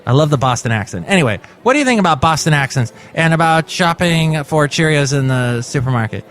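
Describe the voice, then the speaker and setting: A man's voice: on the high side, lively intonation, fairly quick, a bit bright, faint music behind. A man from California hosting his own podcast, talking casually and rambling through asides and plugs. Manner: chatty, rambling, promotional asides. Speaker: podcast host. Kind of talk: casual solo podcast chat.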